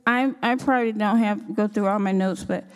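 A woman sharing a testimony at church, telling her story with animated, expressive delivery. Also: fairly quick. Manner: expressive, acts out her own quotes with sudden pitch jumps. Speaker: church speaker giving a testimony. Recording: long hall reverb.

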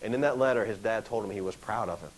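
A young man preaching a sermon in a casual, animated way, acting out the voices he quotes. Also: fairly low pitch, fast talker, low-quality recording. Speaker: pastor.

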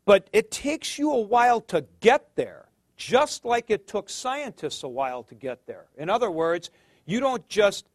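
A man's voice: high voice, big pitch swings, measured pace, dry recording, clean studio sound. A middle-aged man giving a casual theology lecture, rambling, with many fillers and restarts. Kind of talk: conversational lecture.

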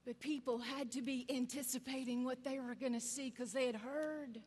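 A woman giving a sermon, telling the story with lively energy and acting out the voices of the people in it. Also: high-pitched, normal speed, slightly rough. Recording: long reverb of a large hall.

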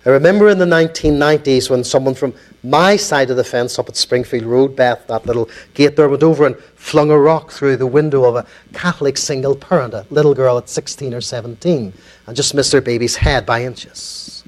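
A minister with a Belfast accent gives a public lecture, telling stories earnestly and in a measured way, pausing on key words. His voice is mid-range, and the audio is poor.

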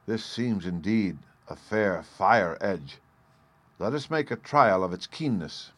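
A man's voice: on the low side, animated, takes it slowly, fairly bright tone, exaggerated voice. A man voicing a proud, stern old master smith in a storybook reading. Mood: pleased.

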